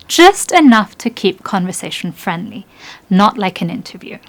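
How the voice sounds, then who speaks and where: A young adult woman presenting a scripted language lesson in an upbeat, encouraging way, slowing down to model phrases. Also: mid-range voice, very animated. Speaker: French language teacher.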